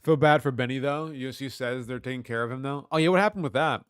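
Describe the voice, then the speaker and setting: Quick-paced and medium-pitched with a clean tone, a young man from Kentucky runs a casual livestream in a dry, studio-quality recording. He reads chat aloud, swears often, and jokes around loosely.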